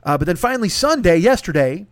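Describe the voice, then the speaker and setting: A man's voice: high voice, very animated, fast, no room sound, studio quality. A man hosting a podcast, telling a long story in a casual, profane and exasperated way. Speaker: podcast host.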